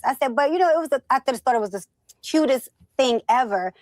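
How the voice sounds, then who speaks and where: A woman from the northern United States, an interview guest telling stories in a lively, chatty way and acting out quoted dialogue. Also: high-pitched, fast, dry recording. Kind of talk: casual storytelling chat.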